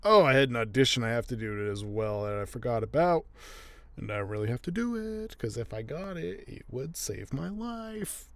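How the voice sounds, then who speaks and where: A man's voice: medium pitch, sing-song, normal speed, fairly bright tone, no echo. A tired man who narrates audiobooks, talking to himself as he edits one, often drifting into whispers. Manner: muttering thoughts aloud, drifting into whispers. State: tired, yawning. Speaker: audiobook narrator editing his recording. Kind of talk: casual talk-along while editing.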